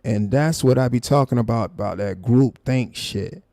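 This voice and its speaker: A man's voice: mid-range voice, normal speed, vocal fry, warm tone, no room sound, studio quality. A man hosting a live stream, confrontational and profane, calling someone out in a heated rant.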